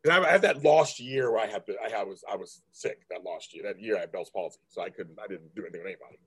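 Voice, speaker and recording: A man in his fifties from California hosts a casual chat, his voice a little husky and breathy. He rambles, stops and restarts his sentences often, and fills the gaps with ums. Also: lowish voice, racing, a bit bright. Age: 50s. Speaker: host.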